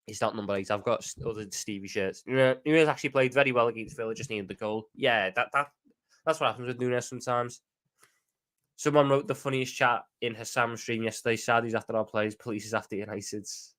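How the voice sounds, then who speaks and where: A man's voice: medium pitch, fairly even intonation, a little fast, a bit bright. A man with a Scouse accent chatting casually on a live stream, reading viewer questions and answering them off the cuff.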